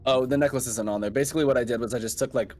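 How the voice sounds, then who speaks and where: A man's voice: mid-range voice, rapid-fire, a little mellow, slight background noise. A man playing a tabletop game, explaining how he set up an item in a casual, filler-heavy way. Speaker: player.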